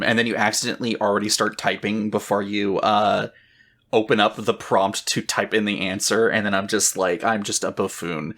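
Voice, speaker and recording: Bright-voiced, excitable podcast co-host man. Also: fairly low pitch, normal speed. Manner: excitable, swears freely, lots of "um". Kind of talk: casual chat.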